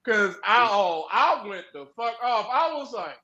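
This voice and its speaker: A man co-hosting a casual wrestling review stream, talking in an animated, laughing, profane way. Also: high-pitched, unhurried, echoey room, dull audio. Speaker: podcast co-host.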